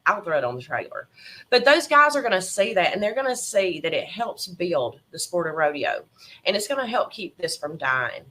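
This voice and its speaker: A woman's voice: on the low side, moderate pace. A middle-aged woman with a Southern accent, a podcast guest and horse breeder telling emotional stories with frequent laughter. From Tennessee. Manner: emotional, animated storyteller who laughs often. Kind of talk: casual interview chat.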